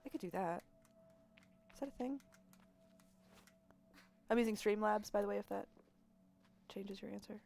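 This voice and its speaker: A woman's voice: medium pitch, normal speed, creaky, long pauses, a little mellow. Chatty, giggly woman streamer. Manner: chatty, giggly, rambling with fillers. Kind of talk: casual game-stream chat.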